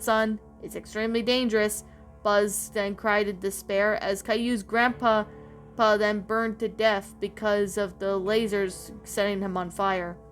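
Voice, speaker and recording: A woman's voice: mid-range voice, fairly bright tone. A woman narrating a creepypasta-style story, reading aloud with frequent stumbles and restarts. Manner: reads with frequent slips and restarts. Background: faint background music.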